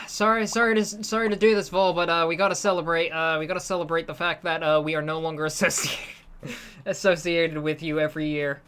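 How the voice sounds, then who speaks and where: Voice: medium pitch, little pitch movement, a little fast, fairly bright tone, clear, resonant tone. A streamer with a slight British accent chatting casually while playing a game live, answering chat and often restarting sentences.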